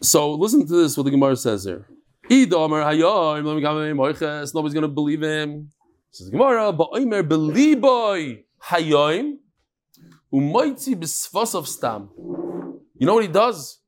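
This is a man leading an animated Talmud lesson. His voice sits a little on the high side. He keeps weaving in Hebrew terms and repeating words for emphasis. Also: a little slow. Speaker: Talmud teacher. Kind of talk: animated Talmud class with storytelling.

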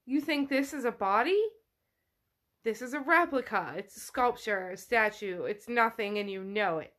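A woman voicing a menacing, possessive male spirit who craves a body, speaking fast and taunting while she retells a novel. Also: a little high, a bit bright, lightly acted. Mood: scornful.

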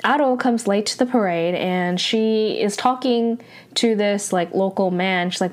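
A woman's voice: mid-range voice, normal speed. Young woman rambling through a recap. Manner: rambling, full of "like" fillers; exasperated, animated when reacting. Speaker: drama recap vlogger. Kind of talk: casual episode recap.

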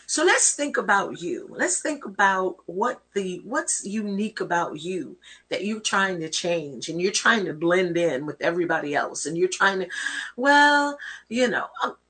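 A woman's voice: mid-range voice, fairly bright tone, breathy edge. A woman hosting a show, giving an encouraging, preachy talk that quotes scripture. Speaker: host. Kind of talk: inspirational talk.

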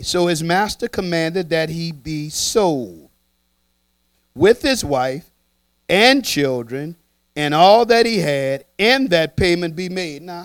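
A man preaching a sermon, animated and playful, trading lines with his congregation in a church. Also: sits high, dry recording. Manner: animated, playful, talks back and forth with the congregation.

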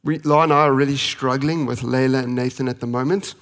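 A man in his thirties preaching a sermon as pastor, earnest and pleading, slowing for emphasis and speeding through family stories. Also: mid-range voice, steady tone, a bit bright. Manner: earnest, pleading, with slow emphatic pauses and fast anecdotes.

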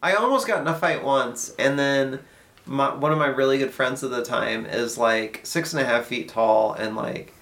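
A man's voice: medium pitch, a bit bright. A man in a band telling a short anecdote in casual chat, with lots of "like" and restarts. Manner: halting, filler-heavy telling. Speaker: band member.

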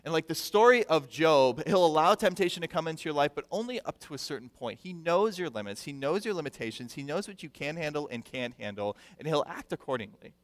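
A male pastor preaching a sermon with animated delivery, acting out the people he quotes and repeating words for emphasis. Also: a little high, fairly quick, hardly any pauses. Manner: animated, acts out quoted voices; repeats words when stressing a point. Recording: long reverb of a large hall.

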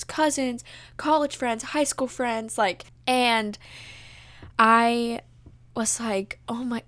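A young woman with a fairly high voice tells a personal story in an excited, gushing rush, peppering it with "like" and "you know." She sounds emotional and near tears as she recounts it. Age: young adult. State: tearful. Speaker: vlogger. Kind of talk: casual storytelling.

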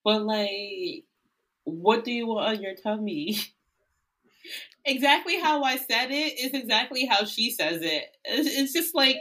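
A woman's voice: fairly high pitch, expressive, a little slow, pushed and bright. Playful, joking woman podcast co-host. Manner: joking, playful, bursts into song. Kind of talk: casual chat.

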